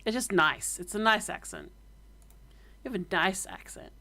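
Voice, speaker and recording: A woman's voice: mid-range voice, lively intonation, normal speed, bright, forceful tone. Chatty, playful woman streaming. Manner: chatty, playful, laughing, profane. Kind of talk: casual chat.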